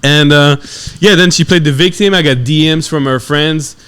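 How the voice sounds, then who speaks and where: A man with a French accent, a guest comedian telling animated stories on a podcast and acting out other people's voices. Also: fairly high pitch, moderate pace, clear, resonant tone. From France. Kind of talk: casual podcast storytelling.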